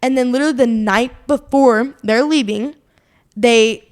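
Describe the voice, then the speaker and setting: A young woman co-hosting a podcast tells a long personal story, rambling casually with plenty of fillers and laughter. Her voice is fairly high and she keeps a measured pace.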